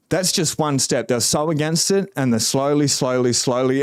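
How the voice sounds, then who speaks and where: A man's voice: mid-range voice, darkish tone, no echo, clean studio sound. A middle-aged Australian man hosting a casual live stream, chatting and greeting viewers as he reads their comments. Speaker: host.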